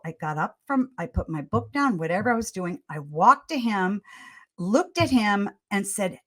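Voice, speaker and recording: A woman's voice: medium pitch, animated, moderate pace, a bit bright. Older woman doctor on a podcast, earnest storyteller, trips over her words and repeats herself. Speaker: pediatrician and parenting author, guest. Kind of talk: conversational advice in a podcast interview.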